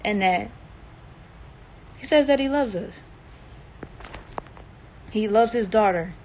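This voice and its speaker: A woman's voice: mid-range voice, slow pace, a little mellow, slight background noise, low-quality recording. A young woman in a distressed, emotional livestream monologue, earnest and emphatic, repeating herself and swearing.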